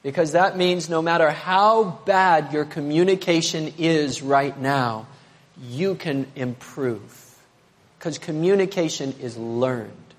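A pastor preaches an animated sermon in a high, bright voice, climbing to emphatic peaks before dropping low. The long reverb of a large sanctuary rings around his words.

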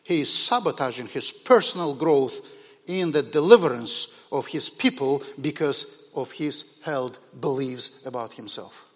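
A man whose first language is not English, preaching a sermon in a church hall, moving from quiet musing to loud, emphatic bursts. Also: mid-range voice, lively intonation, a little slow. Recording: long hall reverb.

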